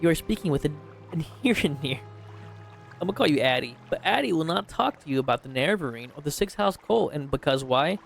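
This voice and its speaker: Chatty, teasing young gaming host. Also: male voice, on the high side, animated, fast, creaky. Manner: chatty, teasing, reads game dialogue aloud. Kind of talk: casual let's play commentary. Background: faint game music.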